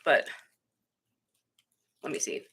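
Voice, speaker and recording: Bright-voiced, blunt young woman streamer. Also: slow pace. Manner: blunt, swears freely, trails off and restarts. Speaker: livestreamer. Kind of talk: casual livestream chat reading comments.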